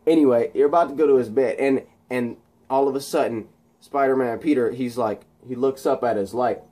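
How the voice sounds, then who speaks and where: Husky man excitedly retelling a movie. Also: medium pitch, brisk. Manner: rambling, excited, many restarts. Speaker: channel host. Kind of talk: casual movie plot retelling.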